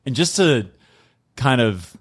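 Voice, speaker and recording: A man's voice: medium pitch, big pitch swings, slow pace, husky. A man on a comedy podcast telling an anecdote, hesitant and full of restarts. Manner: hesitant, lots of restarts and fillers. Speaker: guest comedian. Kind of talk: casual comedy podcast story.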